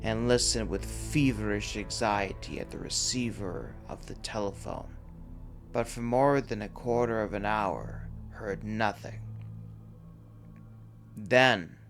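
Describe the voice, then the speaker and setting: A man narrates a horror story in a low voice, taking his time over each phrase. His delivery is grave and measured, with faint music playing beneath the reading. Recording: faint background music under the voice.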